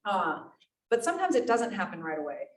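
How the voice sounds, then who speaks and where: A woman's voice: mid-range voice, big pitch swings, a little fast. A woman giving a workplace safety presentation, talking conversationally and putting questions to the audience. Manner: conversational, asks the room questions. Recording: echoey room, mic at a distance, faint noise.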